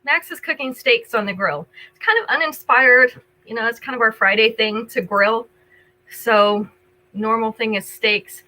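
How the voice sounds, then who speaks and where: A woman's voice: on the high side, unhurried, bright, forceful tone, poor audio. An older woman hosting a live jewelry sale, chatting casually with viewers, greeting them by name and describing each item. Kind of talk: casual live-stream selling chat.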